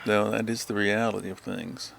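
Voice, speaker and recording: A man's voice: on the low side, little pitch movement, moderate pace, creaky, a bit bright, a little hiss or hum. Rambling man chatting at home. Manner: rambling, mimics voices when retelling. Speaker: podcast host. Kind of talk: casual chat.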